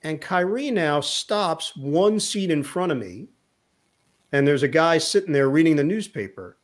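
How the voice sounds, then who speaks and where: A middle-aged man and sports broadcaster, a guest telling a lively anecdote in an interview, acting out the lines of the people in his story. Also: fairly high pitch, a little slow. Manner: lively anecdote teller who acts out quotes.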